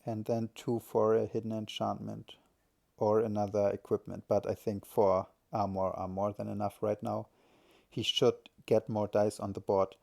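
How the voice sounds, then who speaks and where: A man's voice: lowish voice, flat delivery, moderate pace, vocal fry, warm tone. A man giving live solo commentary on a strategy game, thinking aloud and often correcting himself.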